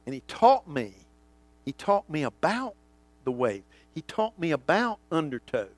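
Animated preacher, high and lively. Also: male voice, unhurried, no echo. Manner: dramatic swings from booming to hushed, acts out quoted voices. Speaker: pastor. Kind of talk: sermon.

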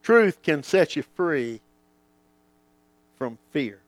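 A man preaching from the pulpit, his voice sitting high and leaping all over the place. He drops to a near hush and then climbs back to a booming call, and he plays out the people in his stories. The sound is close and dry, with no room around it. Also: sing-song, extremely slow, no room sound. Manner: dramatic swings from booming to hushed, acts out quoted voices. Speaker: pastor. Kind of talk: sermon.

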